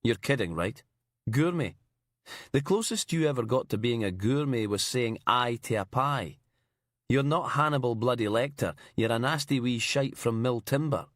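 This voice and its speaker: A man's voice: mid-range voice, moderate pace, a bit bright, dry recording, studio quality, lightly acted. A man voicing a detective sergeant who is curt, sweary and contemptuous. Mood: hostile. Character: angry male detective sergeant, blunt and sweary.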